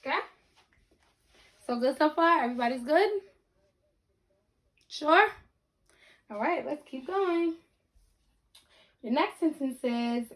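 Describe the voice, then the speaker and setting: Slow, patient woman teaching reading. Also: high voice. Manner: slow and deliberate, breaking words into syllables; repeats sentences and checks in with the class. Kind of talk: online reading lesson for children.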